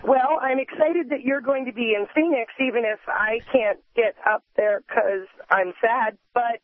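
A woman's voice: on the high side, steady tone, a little slow, no echo. A woman calling in to a radio show, telling her story in an upbeat, giggly way. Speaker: caller. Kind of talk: phone-in chat. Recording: tinny phone line.

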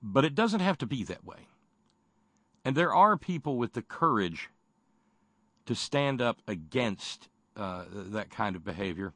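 Radio host, male, mid pitch, wry folksy delivery, close dry studio mic. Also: animated, measured pace, sharp tone, no echo. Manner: folksy, wry, many fillers and restarts. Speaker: radio talk show host. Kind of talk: opinionated radio talk.

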